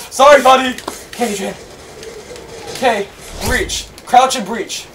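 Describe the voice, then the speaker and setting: A man giving excited gameplay commentary, yelling and laughing at the game as host. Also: very high voice, measured pace, long pauses. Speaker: gaming channel host. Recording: distant mic with clear background noise.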